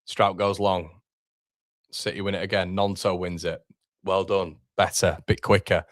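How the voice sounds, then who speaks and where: A man's voice: deep voice, level tone, a little slow, dry recording, clean studio sound. A young man hosting a live fan watchalong, reacting with frustration and swearing as he talks to his chat.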